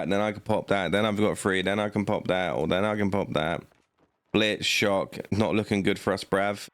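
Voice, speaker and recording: Cocky man, low voice. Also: clean tone, no room sound, clean studio sound. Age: late 20s. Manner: cocky, trash-talking the opponent. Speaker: card game streamer. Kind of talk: gameplay commentary.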